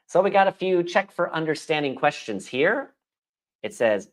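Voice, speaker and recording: A man's voice: on the high side, sing-song, moderate pace. A man teaching a live-streamed English lesson, chatty and thinking aloud as he explains pronunciation.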